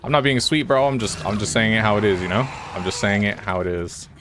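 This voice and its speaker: Chill young guy streaming a game, pretty deep voice, just rambling and greeting chat. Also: quick pace, noisy background. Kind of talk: casual live-stream chat while gaming.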